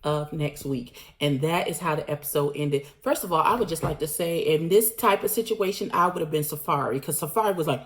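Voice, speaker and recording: Animated slangy woman vlogger. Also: sits low, fast, few pauses. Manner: animated, slangy, blunt storytelling. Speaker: vlogger recapping a reality show. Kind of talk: casual recap monologue.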